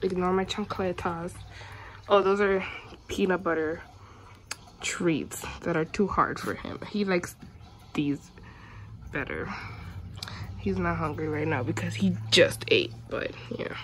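A woman vlogging at home, chatting casually to the camera and switching to high coaxing baby talk with her dog. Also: slow, pauses often.

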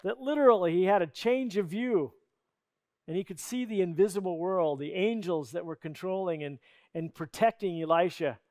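A man preaching a sermon as a pastor, telling a Bible story and acting out the quoted lines with shifts in pitch and loudness. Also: moderate pace, no room sound. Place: church.

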